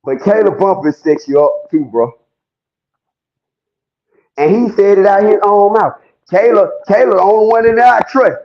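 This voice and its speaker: A man, giving animated ranting commentary, loud and mocking, swearing often and laughing as he talks. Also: high-pitched, normal speed, long pauses. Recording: dull lo-fi sound.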